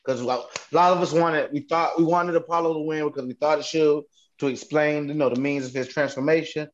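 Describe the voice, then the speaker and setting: A man co-hosting a casual chat, animated and teasing, steering the talk with questions. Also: a little high, brisk. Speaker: podcast co-host. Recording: lo-fi, dull audio.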